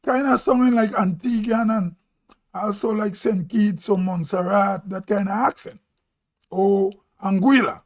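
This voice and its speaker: A man with a Grenadian accent talks in a high voice on his live stream. He speaks slowly and muses aloud, checking himself as he goes. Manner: slow, musing, thinking aloud. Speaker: vlog host. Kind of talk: casual live-stream talk.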